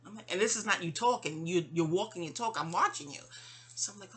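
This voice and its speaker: A breathy, husky-toned woman from New York talks straight to her mother in a loose personal monologue. She wanders off on tangents, restarts sentences and catches herself digressing, often sinking to a soft, near-whispered level. Her pitch sits in an ordinary middle range for a woman. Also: brisk. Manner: rambling and digressive, many restarts and asides. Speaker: vlogger.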